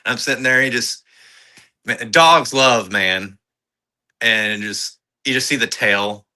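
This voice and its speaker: A man co-hosting a podcast, casually and enthusiastically recounting film scenes and chiming in with quick agreement. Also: medium pitch, pushed and bright, rough recording. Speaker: podcast co-host. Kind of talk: casual film review chat.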